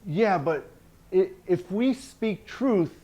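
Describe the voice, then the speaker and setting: Earnest guy teaching a group indoors, keeps asking okay?, higher-ish voice. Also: lively intonation, slow, dark tone, highs cut off. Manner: earnest, repeats key phrases, asks "okay?" often. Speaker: workshop presenter. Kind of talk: teaching a workshop. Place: indoor event space.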